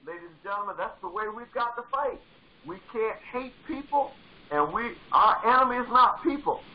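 A man's voice: sits high, lively intonation, moderate pace, dull audio. A male pastor preaching a sermon with fervor, driving points home by repeating phrases. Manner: fervent, repeats phrases for emphasis.

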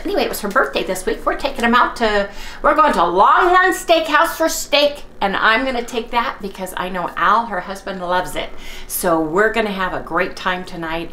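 A woman's voice: medium pitch, lively intonation, normal speed, sharp tone, a little hiss or hum. A middle-aged woman chatting casually in a vlog about her day, with pet phrases like "anyway, you guys" and "yes, indeed". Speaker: vlogger.

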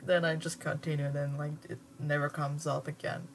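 A woman's voice: deep voice, flat delivery, normal speed, slight background noise, low-quality recording. Giggly young woman reading aloud. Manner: stumbling, giggly asides. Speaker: streamer reading a game's story aloud. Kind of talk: casual read-aloud with commentary.

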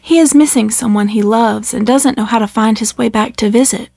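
A woman voicing a kind, worried male cat with half a tail, talking gently in a storybook reading. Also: on the high side, fairly quick, gravelly, no room sound, studio quality. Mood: pleading. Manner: gentle and coaxing.

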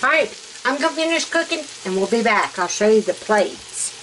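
A woman's voice: a little high, expressive, normal speed, noisy background. A woman with a Southern US accent hosting a casual cooking vlog from her home kitchen, talking in a chatty, folksy way and laughing often. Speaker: cooking channel host. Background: faint frying sizzle.

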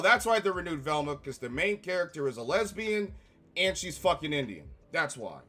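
A man with a somewhat high, forceful and tense voice delivers a heated, profane rant as an online reviewer. He sounds slightly ill, and faint music plays underneath. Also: big pitch swings, moderate pace. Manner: heated, profane, repetitive ranting. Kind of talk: angry commentary rant.

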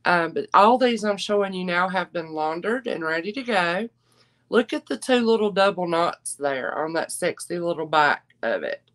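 A woman's voice: on the low side, moderate pace, a bit bright. A middle-aged woman, chatting folksily with viewers as she hosts a live clothing and jewelry sale. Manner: chatty, folksy, calls viewers y'all and darling.

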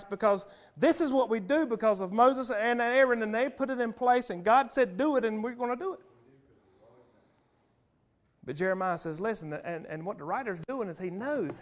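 A man preaching a sermon as pastor in a church, emphatic and punchy, repeating key phrases and swinging between loud and soft. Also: very high-pitched. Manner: emphatic, punchy repetition, wide swings in loudness. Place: church sanctuary.

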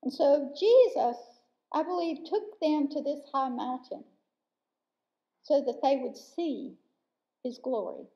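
A woman preaching a sermon in a church, earnest and emphatic, slowing down to stress key words. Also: high-pitched, animated, mellow. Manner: earnest, slow and emphatic with pauses. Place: church sanctuary. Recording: dull lo-fi church recording.

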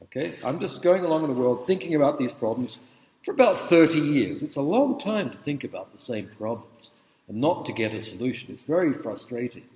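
A middle-aged male lecturer speaks casually at a mid pitch and keeps asking the room "okay?" as he tells stories. His voice carries a long hall reverb that rings around a big lecture room. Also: very animated, a little fast, mellow. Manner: informal, checks in with the audience. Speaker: university lecturer. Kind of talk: conversational lecture with anecdotes.

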